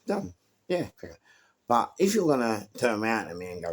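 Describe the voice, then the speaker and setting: Brief: middle-aged London man, low husky voice, animated storyteller who acts out all sides of a conversation. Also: fairly quick. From England. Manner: animated storytelling, acting out both sides of dialogue. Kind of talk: casual anecdote told to camera.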